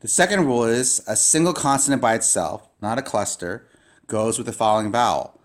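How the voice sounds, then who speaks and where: A man's voice: mid-range voice, a little fast. A man teaching a recorded lesson on Greek syllable rules, explaining patiently with frequent fillers and restarts. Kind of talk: recorded classroom lecture.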